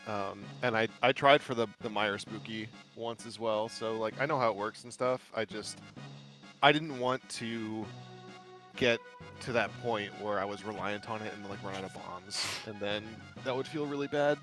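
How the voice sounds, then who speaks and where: A man's voice: fairly low pitch, normal speed, fairly bright tone, soft background music, low-quality recording. A man player chatting casually after a game race, rambling and laid-back. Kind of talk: casual post-game chat.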